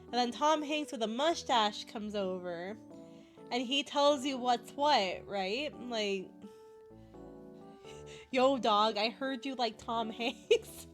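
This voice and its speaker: Giggly high-voiced woman streamer. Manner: giggly, laughs constantly; playful and loopy. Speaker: live streamer. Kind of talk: casual chat with stream viewers.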